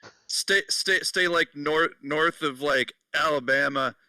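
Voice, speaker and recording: A man's voice: on the high side, measured pace, no room sound, far from the mic, low-quality recording. A man co-hosting a casual podcast, laughing often and swearing while he reads out notes. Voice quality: bright, laughing, profane. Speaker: podcast co-host. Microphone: headset.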